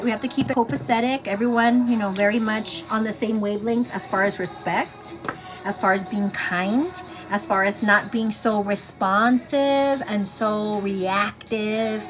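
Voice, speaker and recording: Casual high-voiced woman chatting to viewers on a livestream, playful and laughing, soft music underneath. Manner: chatty, calls viewers "girl" constantly; laughs often, teasing then turning earnest. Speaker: livestream host. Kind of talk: casual chat on a morning get-ready livestream.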